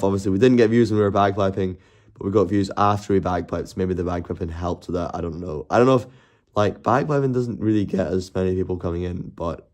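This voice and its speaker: A man's voice: sits low, a little mellow. A man chatting casually and rambling on a live stream, laughing and swearing as he goes.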